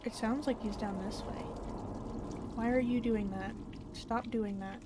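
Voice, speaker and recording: A young woman streaming a game, excitable and swearing freely, talking to the characters on screen. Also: a little high, measured pace, background noise. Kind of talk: casual gameplay commentary. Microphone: desk mic.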